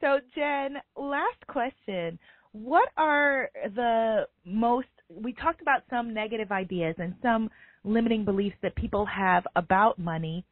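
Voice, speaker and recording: A woman's voice: on the high side, a little slow, no echo. A woman hosting a podcast interview, chatty and encouraging toward her guest. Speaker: podcast host. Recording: tinny phone line, dry.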